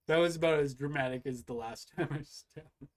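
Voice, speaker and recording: Profane, mocking male streamer. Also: fairly high pitch. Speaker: streamer reacting to live videos. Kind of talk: casual live-stream commentary.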